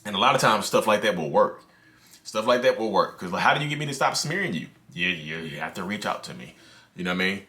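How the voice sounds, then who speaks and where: A man talks straight to camera in a casual, ranting way, full of filler words. His voice sits low but sounds bright and forceful. He swings up in pitch whenever he gets worked up. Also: animated, quick pace. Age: 30s. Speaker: mental health video host. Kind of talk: casual direct-to-camera talk.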